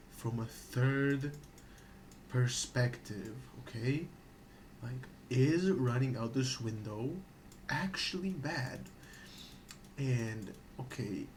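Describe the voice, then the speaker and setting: A man talking through an idea in a loose, rambling way, swearing freely and repeating himself as he checks in with his listener. His voice sits at a middling pitch, with a faint hiss of noise behind it. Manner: profane, repetitive, checks in with "okay?". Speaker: gaming streamer. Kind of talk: casual explanatory rant.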